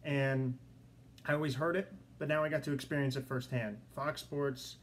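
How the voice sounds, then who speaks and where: A young man hosting his own sports podcast in a studio, talking excitedly and repeating himself as he tells a story. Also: mid-range voice, normal speed, slight background noise. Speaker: podcast host. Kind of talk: solo podcast monologue.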